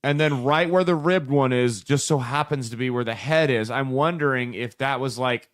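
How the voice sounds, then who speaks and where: A man talking in a loose, chatty way, skeptical and fond of teasing, his speech full of "like" and restarts. His voice sits at an ordinary pitch. The sound is dry and close, with no room echo. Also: moderate pace. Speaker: podcast co-host. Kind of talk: casual chat.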